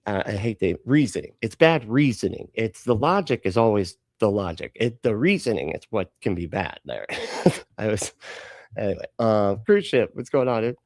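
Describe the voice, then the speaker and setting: A man's voice: lowish voice, sing-song, moderate pace, darkish tone, no room sound. A man hosting a live reaction stream, joking and sarcastic, laughing often and greeting chatters by name. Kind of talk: casual live-stream chat.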